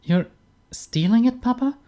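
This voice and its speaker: Man voicing a hurt young woman scientist, high strained falsetto. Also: animated, a little slow, dark tone. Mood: distressed. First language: German.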